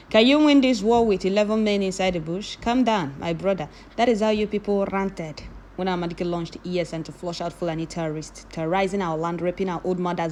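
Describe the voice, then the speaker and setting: A woman reading viewer comments aloud, moving from calm reading to loud scolding. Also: fairly low pitch.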